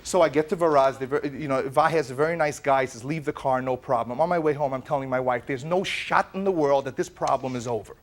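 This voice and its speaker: A man telling his side of a dispute in a courtroom, in an animated way that often stumbles and repeats words. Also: mid-range voice, quick pace, few pauses. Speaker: plaintiff in a TV courtroom.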